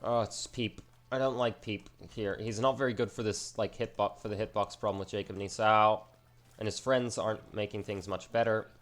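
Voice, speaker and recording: A man with a somewhat low voice talks through his game run in a loose, rambling way. He mocks himself now and then and drops casual slang as he goes. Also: fairly even intonation, moderate pace, fairly bright tone. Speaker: gaming channel host. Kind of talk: casual gameplay commentary.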